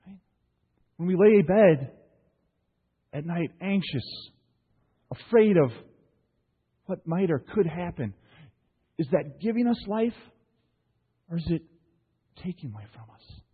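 Husky high-voiced preacher in a reverberant hall. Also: male voice, takes it slowly, pauses often. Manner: asks the congregation rhetorical questions; animated storyteller with frequent "right?" tags. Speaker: pastor. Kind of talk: sermon. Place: church hall. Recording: long hall reverb, thin phone-like sound.

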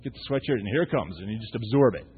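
This pastor, a man in his thirties, races through a funny, chatty sermon, his low-leaning voice expressive as he poses rhetorical questions to the people in the church sanctuary. Slight background noise sits under a tinny, echoey recording.

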